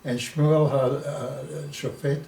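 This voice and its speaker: A man's voice: mid-range voice, slow. Man in his nineties telling stories. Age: 90s. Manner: lively storyteller who sprinkles in Yiddish words. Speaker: guest, retired rabbi. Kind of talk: anecdotal storytelling in an interview. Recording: echoey room, distant mic, faint noise.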